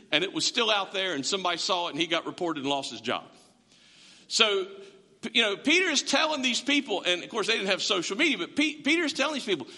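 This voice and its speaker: A man's voice: extremely high pitch, bright, forceful tone, long reverb tail. A man preaching a sermon as pastor, in a conversational way, repeating words and asking the congregation questions, in a church sanctuary.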